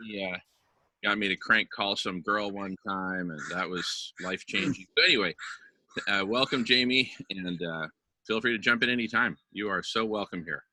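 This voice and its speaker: An enthusiastic man hosts a relaxed group call with a very bright, sharp voice. His sound is dry and close to the mic, and he talks in a loose, friendly way. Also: fairly low pitch, normal speed, no room sound, rough recording. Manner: friendly, effusive greetings. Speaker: host.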